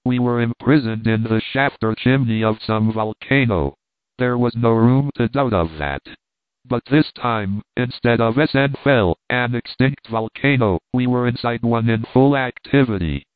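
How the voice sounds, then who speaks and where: A male audiobook reader with a mid-range voice narrating a classic adventure in a measured, dramatic way. The recording is dry with no room sound, and the band is narrow like a phone. His delivery is steady and scripted. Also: medium pitch, clear, resonant tone, no echo. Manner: measured, dramatic first-person reading.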